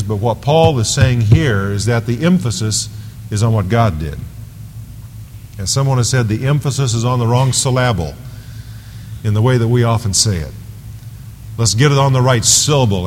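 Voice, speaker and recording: A man's voice: mid-range voice, a little hiss or hum. A male pastor preaching an earnest, emphatic expository sermon in a church. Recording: long reverb of a large hall.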